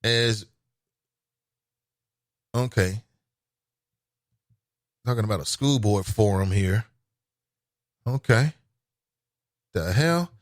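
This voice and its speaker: A man's voice: lowish voice, extremely slow, long pauses, no echo, studio quality. A man from Cincinnati hosting a call-in talk show, chatting casually and reacting to listener comments with exclamations. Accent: Cincinnati, Ohio. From United States. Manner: conversational, reacts with laughs and exclamations.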